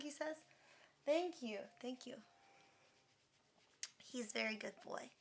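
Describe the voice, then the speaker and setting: A woman livestreaming, chatting casually, thanking subscribers and talking in a high sing-song baby voice to her dog. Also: measured pace, creaky, pauses often, fairly bright tone.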